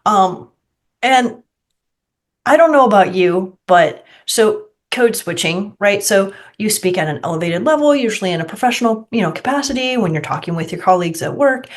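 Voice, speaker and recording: A woman's voice: medium pitch, lively intonation, normal speed. A woman hosting a podcast, talking casually and expressively with her guest. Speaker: podcast host.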